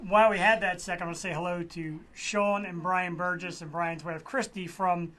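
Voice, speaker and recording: A man hosting a casual studio talk show, excitedly asking his guest rambling questions. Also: sits high, normal speed. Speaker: host. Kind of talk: casual interview chat.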